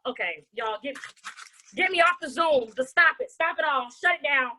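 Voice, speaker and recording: A woman emceeing a live online talent show, playful and loud, with dramatic outbursts. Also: sits high, animated, moderate pace. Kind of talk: energetic live event hosting.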